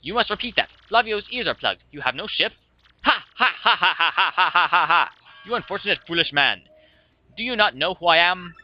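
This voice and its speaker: Man doing a grandiose vain merchant, high, dull lo-fi with music. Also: expressive, brisk. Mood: haughty. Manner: pompous, theatrical, grandiose. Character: vain flamboyant male merchant captain.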